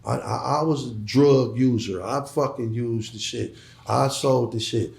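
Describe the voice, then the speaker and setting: A man's voice: medium pitch, measured pace, vocal fry, a little mellow, echoey room. A middle-aged man speaking as an interview guest, emphatic and profane, often repeating words as he starts a sentence. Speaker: guest, former hustler turned entrepreneur. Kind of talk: casual interview talk.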